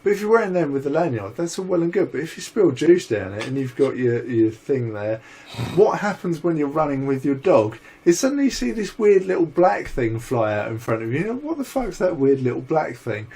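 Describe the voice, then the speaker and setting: A man co-hosting a casual vlog chat, rambling and swearing freely as he tells animated stories. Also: a little high, brisk, few pauses, husky. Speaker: vlog co-host.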